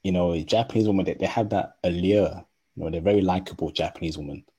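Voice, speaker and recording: A man hosting a livestream, speaking slowly and deliberately with a non-native English accent. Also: low voice, steady tone, warm tone, slightly rough. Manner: slow, deliberate speech. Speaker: livestream host. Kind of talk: casual livestream talk.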